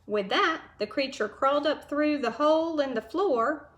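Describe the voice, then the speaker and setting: A woman teacher reading a chapter book aloud to children, gentle and patient as she tells the story. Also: high-pitched, normal speed.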